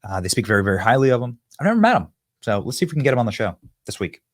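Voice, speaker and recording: A male political show host whose voice swings widely up and down as he talks. He is emphatic and mocking and often bursts out loudly. The sound is dry and close, with no room around it. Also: medium pitch, sing-song, racing, no room sound. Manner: emphatic, mocking, sudden loud outbursts. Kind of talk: animated political commentary.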